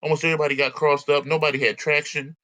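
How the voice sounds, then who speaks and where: A man's voice: a little high, level tone, fast, sharp tone, a little hiss or hum, poor audio. A man co-hosting a podcast, telling a story in casual chat, acting out other people's lines and laughing often. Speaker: podcast co-host.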